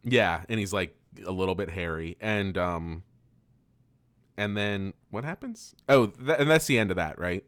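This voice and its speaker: A man co-hosting a casual podcast, recapping a cartoon episode with frequent laughter and quick silly voices for the characters. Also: low voice, a bit bright, dry recording, clean studio sound. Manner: laughs often, loose and profane, acts out lines in quick silly voices. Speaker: podcast co-host.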